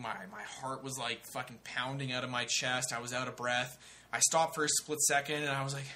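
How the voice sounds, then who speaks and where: A young man telling a story on a comedy talk show in a casual, animated, profane way. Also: medium pitch, a little hiss or hum. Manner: animated, profane, acts out other people's voices.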